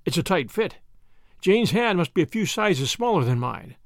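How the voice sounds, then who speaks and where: A man's voice: high voice, sing-song, moderate pace, no room sound, clean studio sound. A male narrator voicing a brash, gun-carrying young American man who talks with a blunt drawl. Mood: thrilled.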